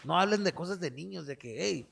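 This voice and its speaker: A man voicing his pushy teenage male cousin, who talks with a loud, swaggering manner. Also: high-pitched, expressive, fast talker, gravelly, slight background noise, pitched above the performer's own voice, exaggerated voice. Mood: bossy.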